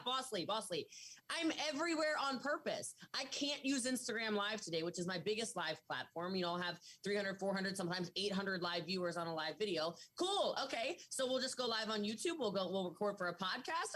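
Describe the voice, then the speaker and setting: Brief: forceful, animated woman guest on an interview podcast. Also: medium pitch, low-quality recording. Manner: emphatic, animated, quotes others in voices. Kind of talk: interview answers.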